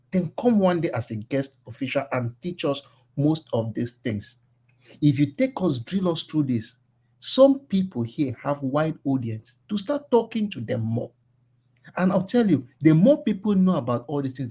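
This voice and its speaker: A Nigerian man speaks in a casual political discussion, his voice a little husky and his pitch swinging up and down as he presses his point. He talks earnestly, mixing in Pidgin phrases. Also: dark tone. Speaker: caller.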